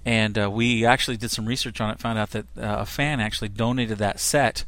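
A man's voice: fairly low pitch, fairly even intonation, brisk, fairly bright tone. A middle-aged man co-hosting a casual review, talking enthusiastically and rambling with many fillers. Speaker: co-host reviewer.

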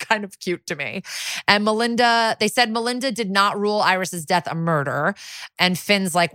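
This podcast co-host has a mid-range voice, captured in clean studio sound without echo. She tells the story of a TV episode in a relaxed, swearing manner, jumping into brief acted-out lines from the characters.

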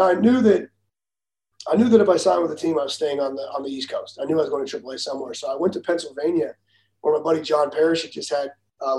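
Fast, gravelly former pitcher telling stories. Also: male voice. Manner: animated, acts out quoted dialogue, laughs through stories. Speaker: former baseball pitcher, guest. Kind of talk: casual storytelling. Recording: roomy echo.

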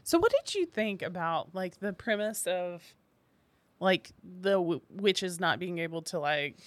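A woman's voice: fairly low pitch, animated, measured pace. A woman co-hosting a casual book chat, giggling often and saying "like" a lot. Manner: giggly, lots of "like". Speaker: podcast co-host.

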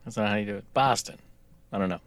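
A man's voice: lowish voice, rapid-fire, clean tone, no echo. A man co-hosting a podcast in casual chat, reading out a promo then joking along. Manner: reads promo text flatly, then joking banter. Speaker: podcast co-host.

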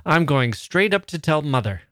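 A man's voice: a little high, very animated, normal speed, a bit bright, no room sound, studio quality, voice pushed up. A man reading aloud, voicing an anxious, tender-hearted young woman who pleads earnestly. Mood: pleading.

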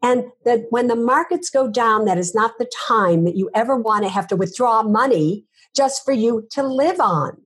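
A woman's voice: a little high, moderate pace, hardly any pauses, slightly rough. A woman, a finance author, giving emphatic interview answers full of rhetorical questions.

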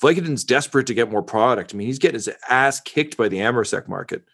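A man's voice: medium pitch, expressive, fast, gravelly, a bit bright, voice pushed up. A man voicing a self-pitying male propaganda reporter who stammers and wants praise. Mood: rambling.

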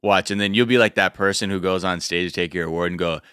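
A man's voice: deep voice, fairly even intonation, fast talker, a bit bright, clear, resonant tone, no room sound, clean studio sound. A man hosting a podcast, chatting casually and joking, slipping into mock voices. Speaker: podcast host. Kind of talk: casual comedic chat.

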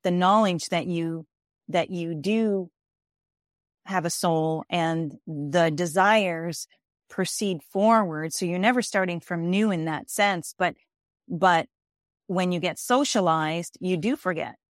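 A woman's voice: fairly low pitch, takes it slowly, dry recording, clean studio sound. A woman who is a life coach and author, speaking as an interview guest with emphatic repeated phrases and frequent restarts. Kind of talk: interview guest explaining ideas.

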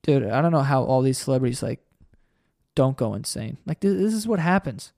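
A man's voice: medium pitch, animated, a little fast, creaky, warm tone, no echo, clean studio sound. A young man hosting a solo podcast, ranting in a heated, profane and sarcastic way. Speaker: podcast host.

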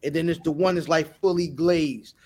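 A man with a somewhat high voice keeps a loose group chat going with joking questions. He stammers as he gathers his thoughts. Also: fairly even intonation, normal speed.

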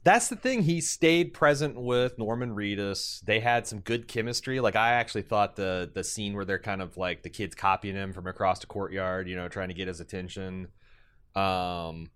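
A man's voice: on the low side, normal speed, fairly bright tone, clean tone. A man co-hosting a podcast in casual chat, rambling and joking with some swearing. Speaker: podcast co-host.

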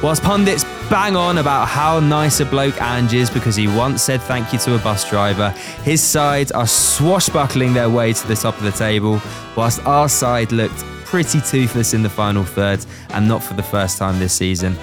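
A man's voice: mid-range voice, moderate pace, music in the background. A man hosting a casual podcast, upbeat and teasing with his guests. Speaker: podcast host.

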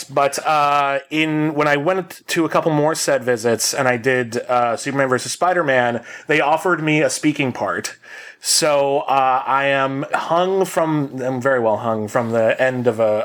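A man's voice: mid-range voice, a little slow, fairly bright tone. A man co-hosting a podcast, telling a long comic story in a rambling, self-mocking way with many fillers. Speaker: podcast co-host. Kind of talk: casual storytelling.

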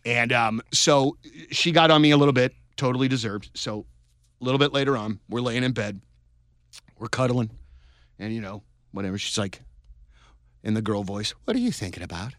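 A man co-hosting a sports podcast, telling stories in a rambling, animated way with many restarts. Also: mid-range voice, normal speed, pauses often, no room sound, studio quality. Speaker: podcast co-host. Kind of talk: casual sports chat.

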